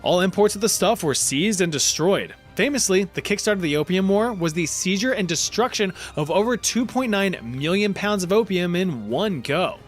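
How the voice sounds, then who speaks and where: A man's voice: high-pitched, expressive, normal speed, hardly any pauses, soft background music. Guy narrating history stuff, scripted, dry jokes, voice bounces around a lot. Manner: wry, jokey storytelling.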